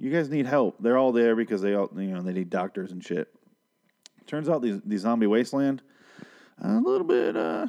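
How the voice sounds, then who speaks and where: A man's voice: mid-range voice, mellow. A man recapping a TV episode in a casual monologue, rambling and sarcastic, with plenty of swearing.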